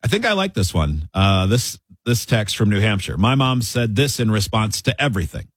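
Guy on a talk show reading out texts, kinda husky, dry studio sound. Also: lowish voice, very animated, normal speed, no room sound. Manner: reads listener texts aloud, laughs easily. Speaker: co-host reading listener messages. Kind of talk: casual studio chat.

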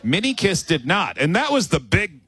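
A man co-hosting a radio show, telling a story with lively acted-out quotes. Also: sits high, normal speed, husky, no room sound. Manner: animated storyteller, acts out quotes. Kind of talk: morning radio banter, storytelling. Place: radio studio on location at a bar.

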